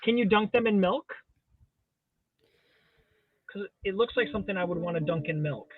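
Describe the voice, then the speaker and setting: A man co-hosting a live drawing stream in casual chat, joking playfully with deadpan exaggeration. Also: high-pitched, moderate pace. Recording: tinny phone-like sound.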